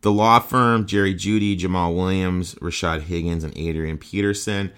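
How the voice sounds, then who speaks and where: A man's voice: low voice, steady tone, moderate pace, fairly bright tone, clear, resonant tone. A young man hosting a sports podcast, ranting heatedly and swearing often. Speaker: podcast host.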